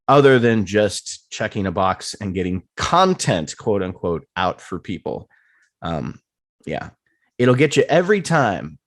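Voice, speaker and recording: A man's voice: on the low side, no echo, clean studio sound. A man hosting a casual podcast, rambling and swearing freely as he trails through his thoughts. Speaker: host.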